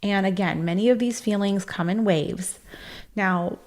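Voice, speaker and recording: A woman's voice: medium pitch, a little slow, darkish tone. A woman hosting a self-help podcast, talking in an earnest, encouraging way with frequent fillers and asides. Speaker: podcast host.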